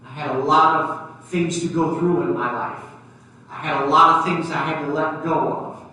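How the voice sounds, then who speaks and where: A man preaching a sermon, telling a personal story and acting out the dialogue, swinging between loud and soft. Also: a little high, steady tone, normal speed. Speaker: pastor. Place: church sanctuary. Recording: very echoey church from far off.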